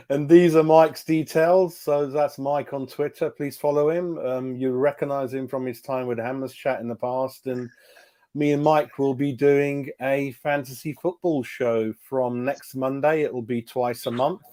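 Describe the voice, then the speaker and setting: A man's voice: medium pitch, warm tone. A man hosting a casual fan talk show, chatty, often repeating words and using fillers. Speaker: host. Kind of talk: casual chat.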